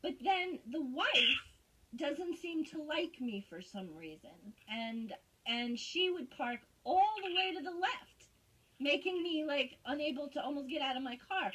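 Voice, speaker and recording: A woman's voice: sits high, lively intonation, measured pace, a bit bright. A woman on a tense phone call, defensive and sarcastic, giving long rambling explanations. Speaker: caller and neighbour in a dispute.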